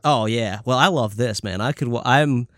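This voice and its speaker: A man's voice: mid-range voice, moderate pace, no room sound, clean studio sound. A man in his thirties co-hosting a podcast, chatting casually and swearing often. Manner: profane, animated storytelling. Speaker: podcast co-host. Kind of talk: casual chat.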